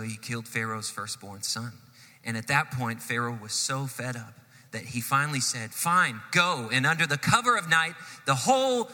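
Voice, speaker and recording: A man preaching a sermon, telling a story with animated swells and sudden drops in loudness. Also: medium pitch, big-room sound. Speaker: pastor.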